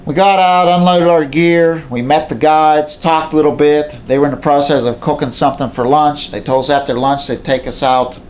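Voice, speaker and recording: A man's voice: on the high side, fairly even intonation, moderate pace, hardly any pauses, a little hiss or hum. Folksy man telling a hunting story. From southwestern Pennsylvania. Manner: plainspoken, folksy, repeats himself. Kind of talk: casual storytelling to camera. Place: indoors at home beside a mounted moose.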